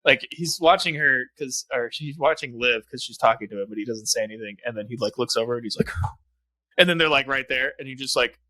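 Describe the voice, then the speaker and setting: A young man chatting casually as a podcast co-host. His voice is bright and forward with a dry, close sound. He recaps movie scenes animatedly, swearing often and laughing as he goes. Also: mid-range voice, brisk, no echo. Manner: animated retelling, heavy swearing, frequent laughter. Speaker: podcast co-host, film reviewer. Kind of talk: casual chat.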